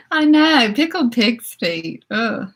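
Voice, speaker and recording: A woman's voice: fairly high pitch, fairly bright tone. A woman in her fifties, from the southern United States, hosting a casual livestream chat, giggling often and reacting to viewers' comments. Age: 50s. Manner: giggly, exclaims "oh my goodness" often. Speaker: beauty channel host.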